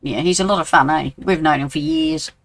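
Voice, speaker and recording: A man's voice: fairly high pitch, brisk, fairly bright tone, rough recording. A man in his sixties with a New Zealand accent, chatting casually with viewers while streaming a game and answering their messages. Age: 60s. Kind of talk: casual live-stream chat.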